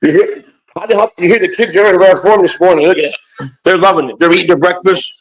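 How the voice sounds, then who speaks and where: A man's voice: sits high, fast, rough recording. An older man and grandfather co-hosting a casual morning chat show, rambling and joking with many restarts. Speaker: co-host.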